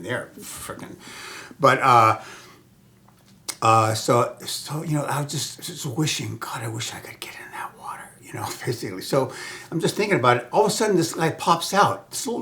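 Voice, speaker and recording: A man's voice: mid-range voice, a bit bright. Rambling storyteller man with whispered asides. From Southern California. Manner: rambling, many restarts and fillers, chuckles, whispered asides.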